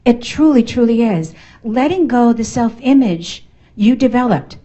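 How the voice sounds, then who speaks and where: A middle-aged American motivational speaker with a Boston accent gives an emphatic, playful talk to a live audience in a networking event's function room. Her voice is a little high and mellow, with lively intonation and a measured pace, and the recording is muffled.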